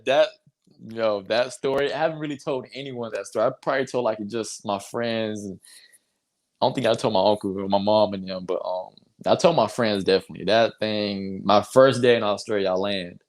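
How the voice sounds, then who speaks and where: A man's voice: fairly low pitch, moderate pace. A young man from North Carolina, a basketball player telling a story in a casual interview, acting out quotes and laughing.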